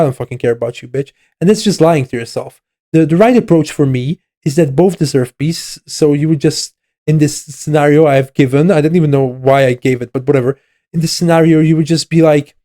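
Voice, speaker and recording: Young guy ranting on his podcast, swears a lot, repeats himself, mellow voice. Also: fairly high pitch. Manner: blunt, swears often, repeats for emphasis. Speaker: podcast host. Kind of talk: casual opinion monologue.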